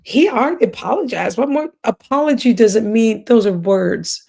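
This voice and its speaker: A woman's voice: on the high side, lively intonation, moderate pace, gravelly, warm tone, slightly rough. A woman livestreamer with a cracking voice, giving rambling, gossipy late-night commentary with whispered asides.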